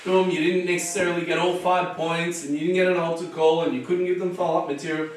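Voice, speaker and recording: An Australian man, an evangelist, teaching street preaching in an energetic, punchy, emphatic style. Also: on the high side, fast talker. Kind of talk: lively teaching talk. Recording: echoey room from far off.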